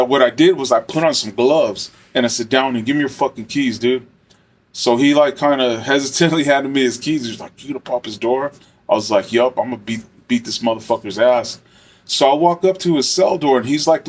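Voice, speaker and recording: A man and former correctional officer telling a casual story, rambling and swearing with lots of fillers. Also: mid-range voice. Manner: rambling, profane, many fillers.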